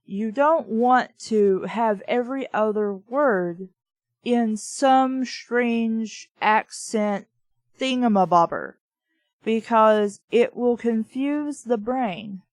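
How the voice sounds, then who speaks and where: A woman's voice: on the high side, slow, no echo. A woman with a Southern American accent, chatting casually and ramblingly as a book reviewer. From Southern United States. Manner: chatty and rambling, full of "like" and "you know". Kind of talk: casual chat.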